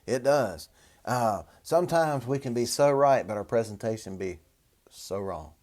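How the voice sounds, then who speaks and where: Sex: man. Role: minister and show host. Style: wry, rambling commentary. Pitch: middle. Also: animated, a little slow, a little mellow. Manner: wry, chatty, sardonic, rambling asides. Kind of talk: commentary on a news article.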